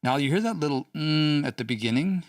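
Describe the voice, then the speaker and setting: A man's voice: fairly high pitch, expressive, a little fast, no echo, recorded from a distance. A man hosting a casual study session, thinking aloud with hesitant restarts and small chuckles. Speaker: host studying a language.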